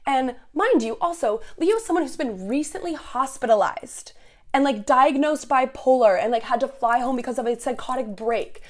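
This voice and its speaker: A podcast host in her twenties, speaking in a high voice at normal speed, tells a heated story in a casual way. She swears a lot, stays animated, and acts out what people said by quoting them.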